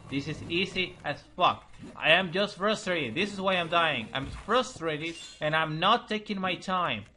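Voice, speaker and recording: A man's voice: fairly high pitch, unhurried, sharp tone, a little hiss or hum. A young man commentating a let's play, frustrated, swearing, muttering and repeating himself at a hard boss. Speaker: gaming channel host.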